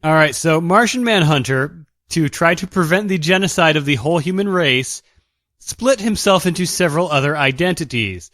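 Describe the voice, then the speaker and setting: A man's voice: on the high side, expressive, moderate pace, fairly bright tone, no room sound, studio quality. A man co-hosting a podcast, chatting casually about comic books and agreeing with short replies. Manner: brief, agreeable back-channel replies. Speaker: podcast co-host. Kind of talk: casual comic book recap.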